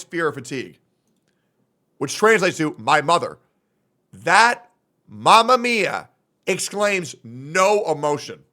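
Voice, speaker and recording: A young man streams casual reaction commentary, giving blunt, profane opinions. His bright, forward voice swings widely in pitch as he rants.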